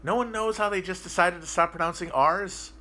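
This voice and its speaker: A man's voice: sits high, a little fast, pushed and bright. A man hosting a podcast livestream, chatting casually and answering viewer comments, rambling and swearing as he thinks aloud with frequent restarts. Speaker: podcast host.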